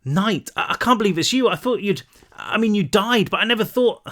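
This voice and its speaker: A man voicing a shaken, desperate teenage boy who stammers and pleads, his pitch lifted a little above his usual reading voice. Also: expressive, a little fast, a bit bright, full character voice.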